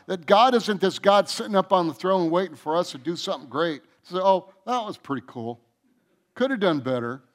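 A man preaching a sermon to his church as its pastor, earnest, with restarts and soft, quiet endings to his phrases. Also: a little high. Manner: earnest, with repeated restarts and soft drops in volume. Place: church sanctuary.

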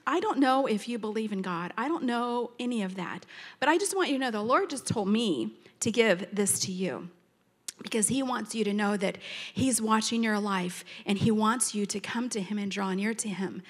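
A middle-aged woman telling a chatty, animated testimony to a congregation, acting out both sides of her conversations. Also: medium pitch, normal speed, slightly rough. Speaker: church member giving testimony.

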